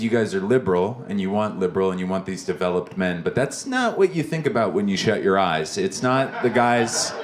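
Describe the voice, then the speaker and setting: Male stand-up, lowish voice, loose rambling crowd-work delivery, live club recording with noise behind. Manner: rambling, self-deprecating, chatting with the crowd. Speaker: stand-up comedian. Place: comedy club basement stage. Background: audience laughter.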